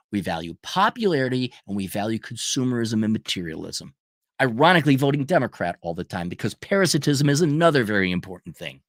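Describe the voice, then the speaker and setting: A middle-aged man ranting in a profane, mocking monologue, often mimicking people in a high falsetto. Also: fairly bright tone, dry recording, studio quality. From United States. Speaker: channel host.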